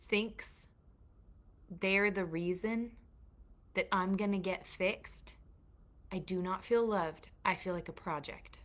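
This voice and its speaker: A woman's voice: medium pitch, sharp tone. Earnest woman teaching mothers with faith. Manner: earnest and confessional, checks in with her listeners. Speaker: course teacher and mentor to mothers. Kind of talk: heartfelt faith-based teaching to a live online group.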